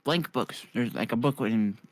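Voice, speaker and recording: A man's voice: mid-range voice, moderate pace, no room sound. A man playing a tabletop game, hesitant and rambling with wry jokes. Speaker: player. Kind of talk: casual tabletop chat.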